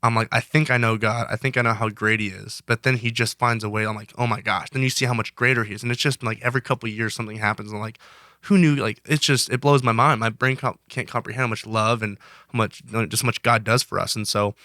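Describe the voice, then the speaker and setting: Twenties male interview guest, bright and brisk delivery, earnest and rambling. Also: medium pitch, fairly even intonation, no echo, studio quality. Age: 20s. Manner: earnest, rambling with many restarts. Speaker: guest, college wrestler. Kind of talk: casual interview talk.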